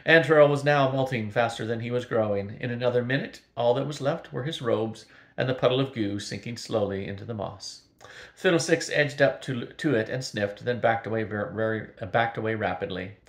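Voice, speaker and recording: An older man reads a children's fantasy novel aloud at a steady, unhurried pace, his voice sitting at a middle pitch. The recording has a roomy echo around it. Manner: steady and even, with small slips. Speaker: grandfather reading aloud. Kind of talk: storybook read-aloud.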